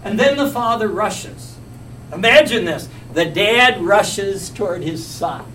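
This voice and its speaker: A man's voice: high voice, very animated, slow pace, a bit bright. A man teaching a Bible class, telling a story with animation and quizzing his listeners. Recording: echoey, from a distance, faint hum.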